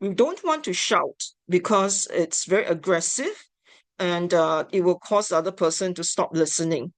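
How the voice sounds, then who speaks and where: Lady teaching a therapy lesson, kinda low voice, slow and careful, dry recording. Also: no echo. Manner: measured, deliberate, explanatory. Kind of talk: instructional lecture.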